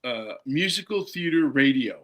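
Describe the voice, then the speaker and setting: A man's voice: mid-range voice, lively intonation, moderate pace, a bit bright. A man co-hosting a casual chat, rambling with lots of ums and restarts. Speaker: co-host.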